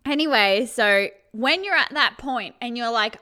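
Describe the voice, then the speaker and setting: Speaking to camera in a slightly high, expressive voice that's bright, forceful, clear and resonant, this vlogger takes her time with few pauses. Her casual self-help talk is full of swearing, laughter, acted-out emotions and repeated "right?" check-ins.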